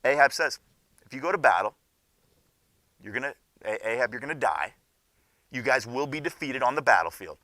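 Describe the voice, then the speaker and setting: A young man teaching a Bible class, telling the story in an animated way and acting out the characters' lines. His voice is bright and fairly high, and it swings widely in pitch. The sound is dry and close. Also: normal speed, pauses often, no echo.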